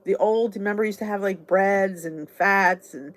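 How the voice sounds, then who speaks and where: A woman's voice: medium pitch, normal speed. A woman from southern New Jersey with a South Jersey accent, chatting casually and rambling on a live stream as host of her weight-loss channel. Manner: chatty, rambling, greets viewers.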